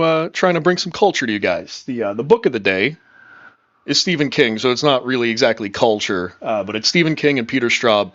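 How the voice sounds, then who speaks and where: A man's voice: medium pitch, a bit bright, dry recording, dull audio. A man hosting a casual livestream, upbeat and rambling, reading chat comments and swearing freely. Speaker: livestream host.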